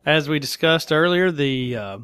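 A man's voice: fairly high pitch, lively intonation, normal speed, a bit bright, clear, resonant tone, no room sound, clean studio sound. A man co-hosting a podcast, laid back, with wry asides in casual chat. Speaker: podcast co-host.

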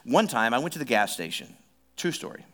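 A man's voice: medium pitch, sing-song, fairly quick, a bit bright. A middle-aged man preaching a sermon as pastor, conversational and joking, repeating phrases for emphasis.

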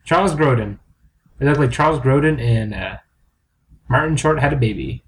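A man's voice: medium pitch, moderate pace, slight background noise. A man co-hosting a comedy podcast in casual chat, rambling, crude and self-mocking. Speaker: podcast co-host.

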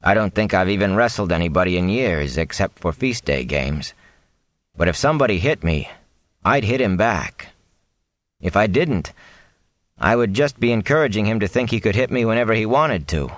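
A man voicing an earnest young village smith, stubborn yet hesitant, in a slightly lifted version of a deep voice read close to the mic. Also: lively intonation, moderate pace, no echo, natural voice.

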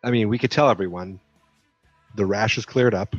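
A man co-hosting a comedy podcast, tossing in dry, deadpan quips. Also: fairly low pitch, normal speed, no room sound, soft background music. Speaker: podcast co-host. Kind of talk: casual comedic chat. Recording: dull lo-fi dry mic.

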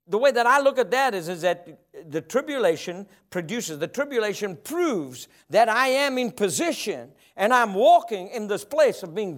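A man's voice: high voice, fairly bright tone. A man preaching a sermon, emphatic and rhythmic, often asking the congregation for an amen. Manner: emphatic, call-and-response preaching.

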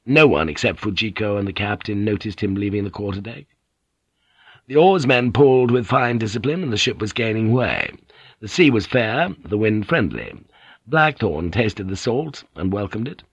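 A male audiobook narrator with a low voice who reads in an even, measured way. The sound is dry and close, with no room echo. The recording has a dull, lo-fi quality. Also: slightly rough. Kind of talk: scripted narration.

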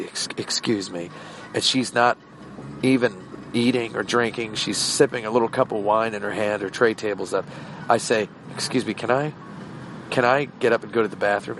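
A low-voiced man telling a long, casual story in a meandering way, circling back with fillers and restarts. He sounds like a podcast host recording while walking outdoors. Faint traffic hums behind him. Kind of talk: rambling casual anecdote. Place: outdoors, walking around shops.

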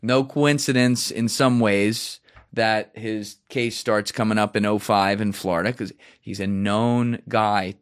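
A man's voice: lowish voice, measured pace, clear, resonant tone. A man hosting a podcast, talking casually and swearing freely, acting out quoted voices as he tells a story. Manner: animated, profane storytelling with mimicked voices. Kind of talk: casual chat.

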